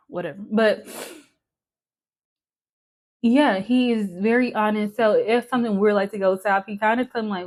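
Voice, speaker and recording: A young woman chatting candidly to the camera while patting on makeup, swearing casually and using lots of "like.". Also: medium pitch. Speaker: vlogger.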